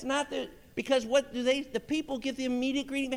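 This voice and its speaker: A man preaches a lively sermon as pastor, and he jumps into the voices of the people in his story. His voice sits fairly high. A long hall reverb trails each phrase. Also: moderate pace, few pauses. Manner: animated preaching, acts out quoted voices.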